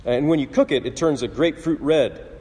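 A man preaching a sermon in an earnest, conversational way, often clearing his throat and restarting phrases. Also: a little high, brisk, dark tone. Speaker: pastor. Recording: husky voice in a long-reverb hall.

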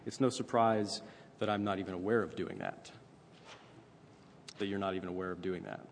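A man with a somewhat low voice delivers a sermon in a relaxed, conversational way. He keeps checking in with listeners by asking "right?" The sound carries a long hall reverb over faint room noise. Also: normal speed, gravelly. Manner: conversational preaching, frequent "right?" asides. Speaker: pastor.

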